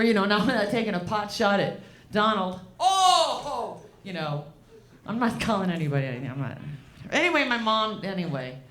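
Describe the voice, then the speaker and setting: A woman performing a stand-up comedy set, deadpan and profane, riffing with the crowd from a club stage. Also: a little high.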